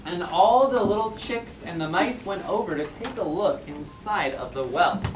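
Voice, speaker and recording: A woman narrating a children's stage play, telling the story slowly and clearly while cueing the young performers. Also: lowish voice, lively intonation, a little hiss or hum. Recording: echoey stage from far off with music.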